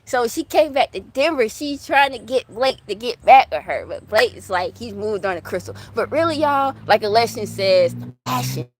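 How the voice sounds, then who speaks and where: A woman's voice: fairly high pitch, animated, normal speed, few pauses, slight background noise. A woman hosting her own channel, chatting casually and rambling through asides as she answers viewer questions. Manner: fan of classic TV soaps. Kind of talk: casual chat.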